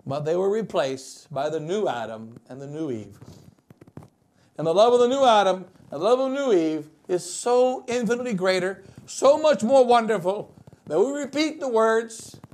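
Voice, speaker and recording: A bishop preaching a wedding sermon, swinging between loud emphatic lines and quiet asides. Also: male voice, high voice, expressive, normal speed.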